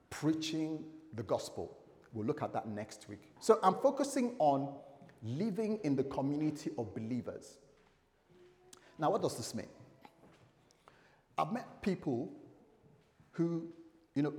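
A man preaching a sermon in a lively, conversational way, his voice sitting at an ordinary middle pitch. He acts out little scenes and slips in light humor. The sound carries a long echo from the church hall. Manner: animated and chatty, with acted quotes and light humor. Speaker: pastor. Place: church service.

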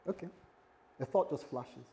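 A man's voice: medium pitch, moderate pace, vocal fry, dark tone, slight background noise. A man preaching a sermon, telling a scripture story with asides and jokes to the congregation. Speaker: pastor.

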